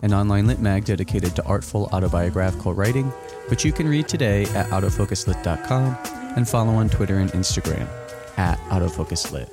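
A man hosts a podcast and reads its scripted opening at an even pace. His voice sits on the low side. Music plays clearly beneath him. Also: a little fast. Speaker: podcast host. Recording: clear music bed behind the voice.

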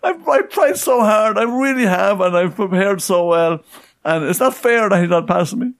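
A man's voice: animated, normal speed. A man putting on a frantic pleading young woman. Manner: high, tearful, repeating herself. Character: panicked young woman learner driver pleading.

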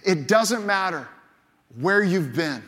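Male pastor, high-pitched voice, emphatic, repetitive phrasing, long church reverb. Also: lively intonation, slow, fairly bright tone. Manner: emphatic, repeats key phrases for effect. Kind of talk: sermon. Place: large church auditorium.

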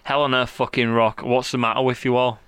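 A man's voice: mid-range voice, flat delivery, a little fast, a bit bright, clear, resonant tone, no echo. A man in his thirties with a Northern English accent, reading out comments sarcastically in casual banter as a podcast co-host. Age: 30s.

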